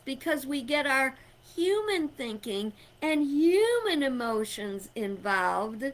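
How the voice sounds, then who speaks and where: Bright-voiced, slow-talking middle-aged woman. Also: sits high. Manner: emphatic, conversational, chuckling. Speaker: spiritual speaker. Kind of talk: inspirational talk with personal stories.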